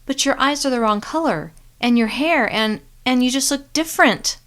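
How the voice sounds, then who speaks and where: A woman's voice: moderate pace, fairly bright tone. A woman reads a teenage girl in an audiobook, lifting her voice well above her own. The girl sounds youthful, impulsive and full of feeling. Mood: hurt. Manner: higher, youthful voice with strong feeling. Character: sixteen-ish teenage girl, emotional and impulsive.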